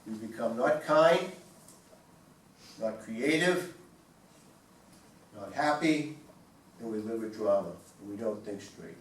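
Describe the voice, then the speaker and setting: Slow and fairly low-pitched, with frequent pauses, a man delivers a wellness talk to a small group. He speaks conversationally, puts questions to the audience, and repeats key points. The recording sounds far away and roomy, with faint ambient noise.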